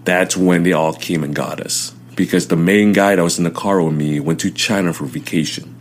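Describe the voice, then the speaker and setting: A man in his twenties tells his own story as a guest in an interview. His voice sits very low. He is animated and acts out what others said to him. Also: moderate pace, a little hiss or hum. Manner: animated storytelling, acting out quotes loudly.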